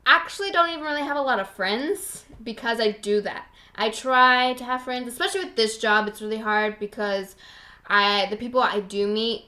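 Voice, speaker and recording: Young female podcast host, bright tone, rambling casual home-webcam chat. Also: mid-range voice. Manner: rambling, heavy on "like" fillers, swears casually. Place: at home, at a partner's computer.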